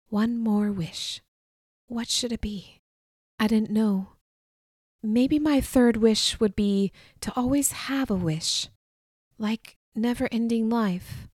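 A woman reading a first-person audiobook chapter aloud in a steady, measured way, dropping to soft asides now and then. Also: mid-range voice, dry recording, studio quality. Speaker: audiobook narrator.

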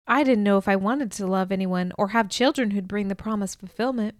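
A woman reading a novel aloud as first-person narrator, in a measured, even manner. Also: medium pitch, no room sound, clean studio sound. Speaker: audiobook narrator.

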